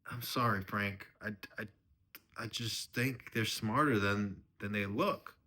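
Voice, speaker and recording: A man's voice: on the low side, slow pace, pushed and bright, voice pushed up, heavily acted. A man voicing an earnest son-in-law who stammers apologies in a comic dramatic reading. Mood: pleading.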